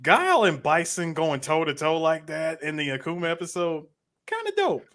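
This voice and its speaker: Male co-host, emphatic interrupter, highish and lively. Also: normal speed, heavy background noise. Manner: emphatic, repeats himself to cut in. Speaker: podcast co-host. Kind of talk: casual chat.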